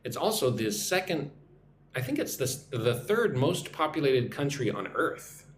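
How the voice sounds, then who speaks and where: A man's voice: mid-range voice, very animated, measured pace, echoey room, a little hiss or hum. A man who teaches English online, chatting on a live stream, reading out viewer comments and greeting them in their own languages. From United States.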